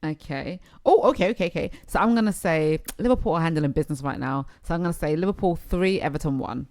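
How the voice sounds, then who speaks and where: A woman's voice: deep voice, quick pace, darkish tone. A woman co-hosting a casual podcast, playful and laughing often as she guesses scores. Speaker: podcast co-host, football learner. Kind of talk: casual chat.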